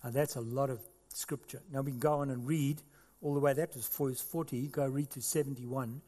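A man's voice: mid-range voice, fairly even intonation, moderate pace, mellow, in a large hall. A man preaching a sermon to his congregation in a church, earnest and conversational. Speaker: pastor. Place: church hall.

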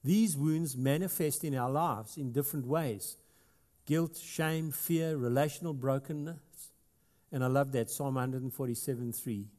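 A South African man preaches to his congregation in an easy, conversational way that swells into emphatic stretches. His voice sits at an ordinary middle pitch. A long reverb trails behind him from the hall. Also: unhurried, mellow. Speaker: pastor. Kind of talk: sermon.

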